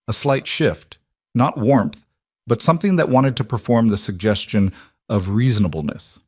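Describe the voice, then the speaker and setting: A man with a low, slightly breathy voice narrates a dramatic story in a measured, even way. The sound is dry and close, without room echo.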